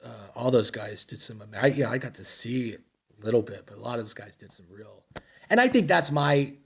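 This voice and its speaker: A man's voice: medium pitch, lively intonation, brisk, vocal fry, slightly rough. A middle-aged American man, a military veteran, telling war stories in a rambling, blunt, profane and self-mocking way. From United States. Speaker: podcast guest, military veteran. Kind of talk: casual interview storytelling.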